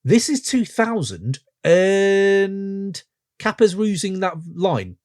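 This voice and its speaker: A man in his forties hosting a podcast, reviewing a song in an excitable, gushing way full of rambling asides. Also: sits high, slow pace. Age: 40s. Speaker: podcast host. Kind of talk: casual music review chat.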